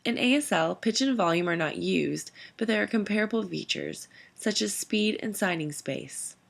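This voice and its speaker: A woman giving a scripted educational narration as an instructor, reading out lists of terms in a measured way. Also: medium pitch, expressive, vocal fry.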